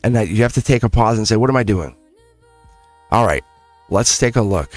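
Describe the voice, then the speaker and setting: A low-voiced man giving tarot readings on a live stream, his pitch swinging widely as he talks. He chats with viewers in a warm, laughing way. The sound is dry and close, with faint music underneath. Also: brisk, no echo. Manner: animated, chatty, laughs often, talks straight to viewers. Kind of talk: casual live-stream chat.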